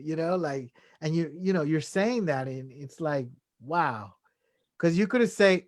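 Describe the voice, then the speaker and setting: A man's voice: a little high, lively intonation, normal speed, dry recording, clean studio sound. A man speaking as a podcast guest, giving earnest self-help advice in a casual way, often adding "right?" and "you know" and chuckling between points. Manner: leans on filler tags like "right?" and "you know". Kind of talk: casual conversational talk.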